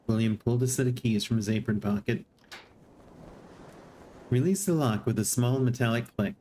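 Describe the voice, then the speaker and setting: A streamer reading a text adventure aloud in an even voice, with amused asides now and then. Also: medium pitch, moderate pace, slight background noise. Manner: reads narration evenly and breaks in with surprised laughing asides.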